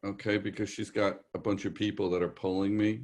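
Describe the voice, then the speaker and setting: Psychic medium, man, New York accent, lowish voice, loose rambling reassurance. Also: flat delivery, a little fast, a little mellow. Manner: rambling, reassuring, relays messages in quotes. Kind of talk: live virtual show readings.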